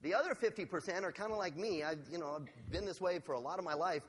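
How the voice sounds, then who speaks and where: A sales trainer giving a motivational seminar talk to a live audience, energetic and asking the audience questions. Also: male voice, high voice, fast talker, slight background noise. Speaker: sales trainer and keynote speaker. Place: large hall with a live audience. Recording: long hall reverb.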